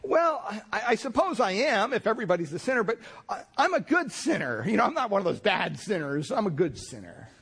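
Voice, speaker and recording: A man's voice: high voice, big pitch swings, brisk, fairly bright tone, husky, pitched above the performer's own voice, heavily acted. A man voicing a hesitant, self-justifying man who insists he is a good sinner. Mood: sheepish.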